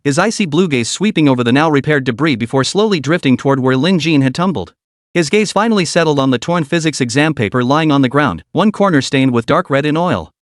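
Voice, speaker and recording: A man's voice: on the high side, no echo. Man narrating a story, dry close sound. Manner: even, dramatic storytelling.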